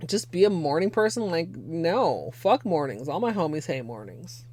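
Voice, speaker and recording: A young woman's low, warm, sing-song voice moves at normal speed as she paints her nails on a livestream. She chats casually, swears freely, laughs a lot and thanks her viewers.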